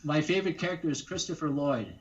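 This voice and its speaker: A man's voice: a little high, quick pace. Chatty voice actor guest, a man. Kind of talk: casual interview chat. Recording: dull lo-fi sound.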